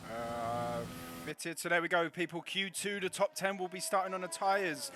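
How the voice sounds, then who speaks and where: A man's voice: high voice, steady tone, moderate pace, background noise. A man commentating casually on a sim race stream, laughing often and reading out chat messages. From Scotland.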